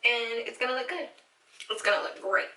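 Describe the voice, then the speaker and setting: A woman's voice: on the high side, fairly quick, bright, forceful tone, far from the mic. A young woman filming herself as she cuts her own hair, nervous and emotional, swearing freely and sometimes dropping to a whisper. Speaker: beauty vlogger and hairstylist. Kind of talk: casual vlog, talking to camera while cutting her hair. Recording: echoey room, slightly off-mic.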